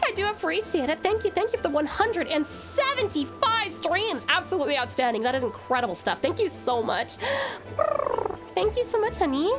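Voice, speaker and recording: A young woman chats warmly with her viewers while she plays a game, calling them honey and cursing casually. Her voice is high and highly animated. Game music plays clearly underneath. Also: a little fast. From Tasmania, Australia. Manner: bubbly, affectionate, swears casually. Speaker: streamer. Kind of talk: live game stream chat.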